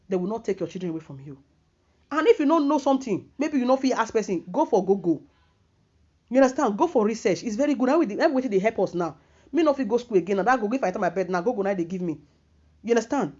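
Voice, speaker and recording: A woman's voice: medium pitch, darkish tone. A middle-aged woman with a Nigerian accent giving earnest advice in a casual vlog, lecturing and mixing pidgin with English. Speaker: vlogger. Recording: dull lo-fi recording.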